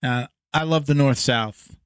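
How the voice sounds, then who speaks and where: A man's voice: mid-range voice, a little slow, clear, resonant tone, no room sound. A man hosting a podcast, casually asking rambling questions. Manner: laughs often, asks rambling questions. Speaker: podcast host. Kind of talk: casual interview.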